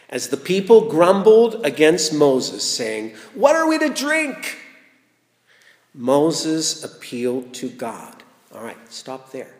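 A man preaches in a slow, unhurried sermon, asking rhetorical questions and retelling a story with playful humor. His voice sits high for a man, and a long reverb trails through the large echoey hall.

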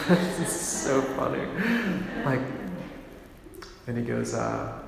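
A man, a priest from a monastic order, giving a gentle, reflective sermon, unhurried and often breaking into soft laughs. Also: mid-range voice, steady tone, gravelly, a crowd in the background. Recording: very echoey hall with long reverb, faint room noise.

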